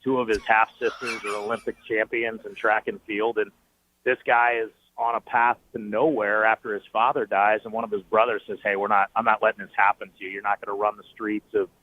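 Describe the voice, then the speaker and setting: Low-voiced man on a tinny phone line. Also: a little fast, a little hiss or hum. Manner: animated storyteller, lots of fillers and restarts. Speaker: team play-by-play broadcaster, guest. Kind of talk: sports talk radio interview. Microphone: phoning in.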